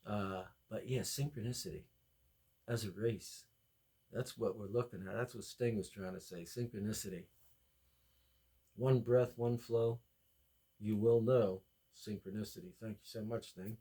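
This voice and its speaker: A man hosting a podcast, delivering a rambling, excitable comedy monologue that jumps from topic to topic. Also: on the low side, unhurried, husky. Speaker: podcast host.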